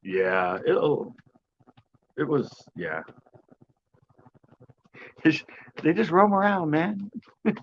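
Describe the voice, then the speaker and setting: Broadcasting live from his porch while fishing, a man reads viewer comments and banters with jokes, sarcasm, and frequent laughter. His voice sits high and is very animated, though he talks very slowly and pauses often. The audio is muffled with slight background noise.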